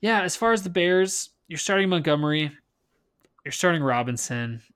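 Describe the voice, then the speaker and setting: A man's voice: on the high side, animated, normal speed, fairly bright tone, clean tone. A man co-hosting a casual fantasy football podcast, talking with dry sarcastic humor while he has the hiccups. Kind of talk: casual sports chat.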